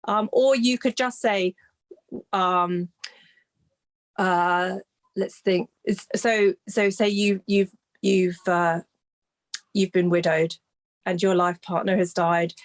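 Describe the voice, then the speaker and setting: This woman, a grief recovery specialist, speaks in a fairly low voice while explaining her work in an interview. Her delivery is soft, reflective and evenly paced, with frequent pauses, restarts and moments of hunting for words.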